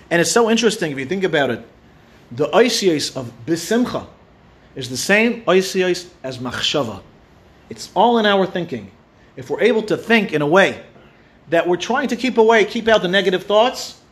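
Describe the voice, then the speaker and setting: High-voiced man giving an earnest sermon. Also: fairly bright tone. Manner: earnest, storytelling, sprinkled with Hebrew and Yiddish terms. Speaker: rabbi giving a Torah talk. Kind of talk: sermon with a story.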